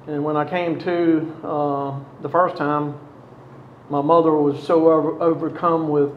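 A man tells his own past in a halting, reflective way, pausing often. His voice sits a little high. The recording is roomy and slightly muffled, with faint ambience behind him. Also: level tone, slight background noise. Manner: halting, reflective, many pauses. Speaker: storyteller recounting past addiction. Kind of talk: personal testimony.

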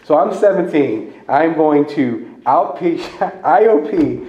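A man's voice: on the high side, expressive, takes it slowly. Candid, wry man in an echoey room. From Louisiana. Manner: candid, wry, laughs at his own story. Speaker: speaker sharing a recovery story. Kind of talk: personal testimony talk. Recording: dull echoey room sound.

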